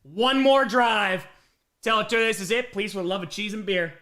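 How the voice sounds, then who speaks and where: A man hosting a live play-by-play reaction stream, excitable and swinging from tense muttering to shouting, reading out and thanking viewer donations between plays. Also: sits high, very fast. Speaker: streamer and host.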